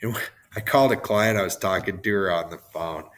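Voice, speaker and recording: Male podcast host with a hoarse, shot voice, lowish pitch, rambling and tangent-prone, self-mocking. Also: brisk, a bit bright. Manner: rambling, goes off on tangents, laughs at himself. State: hoarse, worn-out voice. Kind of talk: motivational podcast monologue.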